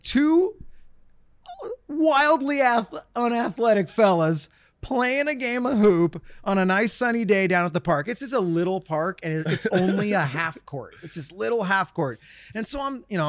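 A man's voice: high-pitched, moderate pace, dry recording. A man telling a funny story in casual chat, acting out the people in it. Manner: animated storyteller, acts out quotes. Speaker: podcast co-host.

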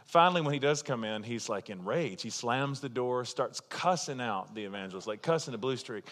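A man's voice: mid-range voice, expressive, a little fast, a bit bright, in a large hall. A man preaching a sermon in a loose, conversational storytelling way, full of asides and laughter at his own jokes. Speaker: pastor.

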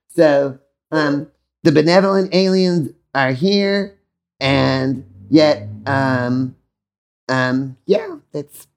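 A man's voice: fairly high pitch, extremely slow, vocal fry, clear, resonant tone. A man hosting a live podcast, talking in a playful, rambling way and acting out little voices. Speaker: podcast host.

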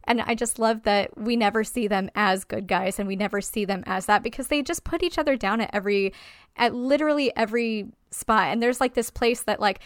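A woman co-hosting a casual discussion, animated, swearing freely and using many fillers. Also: a little high, a little fast, dry recording, studio quality. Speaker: podcast co-host.

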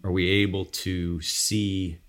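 A man co-hosting a podcast, speaking earnestly and haltingly. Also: low voice, level tone, a bit bright. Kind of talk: casual podcast conversation.

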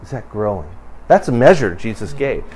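A man preaching a sermon as a pastor, speaking conversationally, building to emphatic bursts and then dropping low and quiet. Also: very animated, normal speed, slight background noise.

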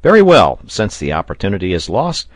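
Man voicing a bluff, loud sailor. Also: deep voice, wildly swooping pitch, fairly quick, no room sound. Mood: emphatic. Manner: forceful, exclamatory.

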